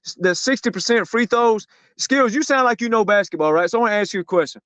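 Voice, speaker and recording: A man hosting a podcast, ranting about basketball in a loud, profane, mocking way, repeating himself often. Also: high voice, fast, no echo. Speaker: podcast host. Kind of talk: heated podcast sports talk.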